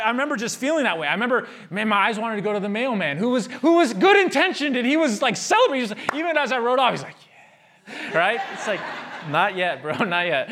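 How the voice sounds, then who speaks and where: A man preaching a sermon as pastor, telling a personal story with animation and then easing into soft, earnest prayer. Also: high-pitched.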